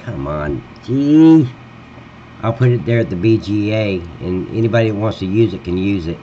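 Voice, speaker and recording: A man's voice: lowish voice, fairly quick. A man live-streaming a farm game, swearing at the game and then chatting easily with his viewers. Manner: swears and grumbles at the game, then talks warmly to chat. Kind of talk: casual live-stream chat while modding a farm game. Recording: dull lo-fi sound with faint hum.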